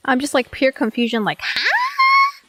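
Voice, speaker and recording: A woman VTuber chats casually on a live stream from her home setup while she works, rambling, swearing freely, and saying "like" constantly. Her voice is medium-pitched and gravelly, her pace moderate, with music playing in the background.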